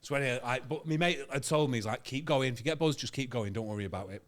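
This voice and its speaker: A man, a comedian guest, telling a comic story in an animated, sweary way and laughing through it. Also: mid-range voice, fast talker, a loud crowd.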